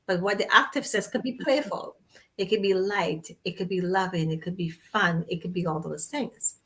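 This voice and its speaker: A woman with a Trinidadian accent hosting a casual chat, animated and talkative, laughing often as she tells stories. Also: on the low side, moderate pace. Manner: animated, chatty storyteller who laughs often. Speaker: host.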